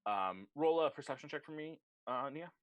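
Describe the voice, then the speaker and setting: A man narrating as game master in an online tabletop game, animated and quick to put on voices. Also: on the high side, no echo.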